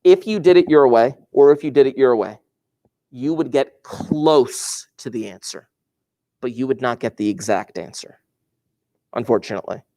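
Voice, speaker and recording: A man's voice: mid-range voice, moderate pace, mellow. Man teaching an algebra class. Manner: wry, joking asides. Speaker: math teacher. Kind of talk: classroom lesson.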